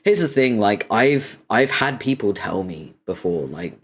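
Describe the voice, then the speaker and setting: Slow-talking low-voiced young man streamer. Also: breathy edge. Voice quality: laughs often, swears casually. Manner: animated storytelling, laughter rising high in pitch. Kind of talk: casual stream chat.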